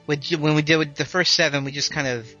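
A man hosting a podcast in casual chat, easygoing and quick to laugh, with light hesitations. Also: fairly high pitch, fairly even intonation, bright, forceful tone. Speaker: podcast host. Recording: slightly dull, dry sound, faint music.

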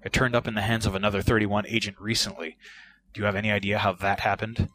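A man reading the lines of a calm, earnest male starship officer in his own low voice. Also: fast talker, a little hiss or hum. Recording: voice over background music.

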